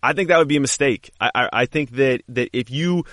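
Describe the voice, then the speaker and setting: A man's voice: medium pitch, a little fast, a bit bright, no echo, studio quality. A man co-hosting a casual sports podcast, eager and rambling, with many restarts. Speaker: podcast co-host. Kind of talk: casual chat.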